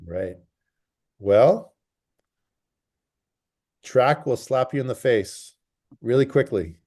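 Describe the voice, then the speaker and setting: A man who coaches track and field, answering interview questions in a relaxed, rambling way and repeating phrases for emphasis. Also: mid-range voice, takes it slowly. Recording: call recording.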